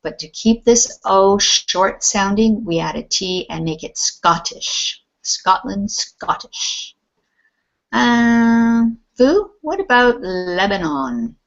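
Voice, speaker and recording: A woman's voice: mid-range voice, lively intonation, takes it slowly. A woman teaching an English class online, patient and encouraging. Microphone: video call. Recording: muffled lo-fi video call audio.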